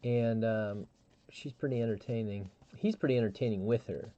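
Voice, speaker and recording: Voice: medium pitch, moderate pace, warm tone, lo-fi sound. A live stream host chatting casually, telling a rambling story with frequent restarts and fillers.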